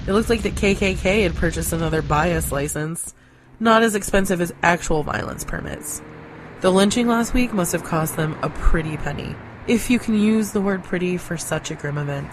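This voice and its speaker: A woman narrating a short story in a deadpan, sardonic manner. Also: fairly low pitch, moderate pace, background noise. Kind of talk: scripted story reading.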